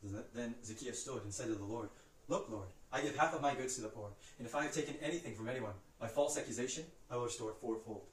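Fast man reciting scripture in a roomy space. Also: mid-range voice, far from the mic. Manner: brisk, steady recitation that rises for quoted cries. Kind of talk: Bible passage recited from memory.

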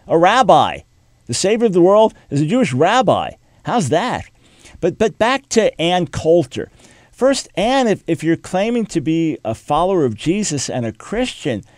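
A middle-aged male talk show host with a fairly high voice gives an earnest commentary. He speaks straight to the person he is criticizing and stumbles over repeated words. The studio sound is dry and close. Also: a little mellow, no echo. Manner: earnest, addresses the absent subject directly with many repeated words. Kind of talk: commentary monologue.

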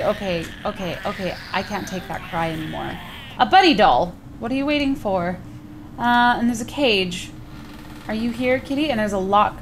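A woman gives chatty, casual commentary while playing a video game, talking straight to her viewers. Her voice sits at a middle pitch and jumps up whenever something startles her. A faint hiss runs underneath. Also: expressive, moderate pace. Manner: chatty, addresses viewers, exclaims in surprise. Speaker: gaming video host. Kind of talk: casual let's play commentary.

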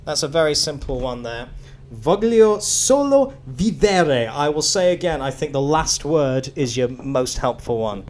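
A man's voice: medium pitch, normal speed, few pauses. A man hosting a podcast interview, running a lyric-guessing game in a chatty, upbeat way and laughing easily.

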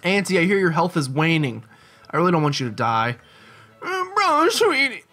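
A jokey, chatty man giving casual commentary on a game he is playing, his voice animated and moving freely up and down. Faint game music plays underneath him. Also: a little high, brisk. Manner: chatty, jokey, thinks aloud and reacts to the game. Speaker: let's play host.

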